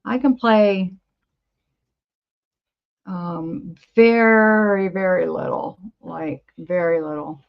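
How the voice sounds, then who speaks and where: A woman's voice: fairly low pitch, slow pace, vocal fry, pauses often. A woman over fifty hosting a casual livestream from her home studio, chatting to viewers in a rambling, easily amused way. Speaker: livestream host. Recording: slightly dull lo-fi livestream audio.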